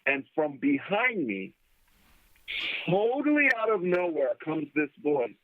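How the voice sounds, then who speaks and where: Animated male storyteller on a tinny phone line. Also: a little high, unhurried. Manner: animated storyteller, acts out quoted voices. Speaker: guest musician. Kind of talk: casual storytelling interview.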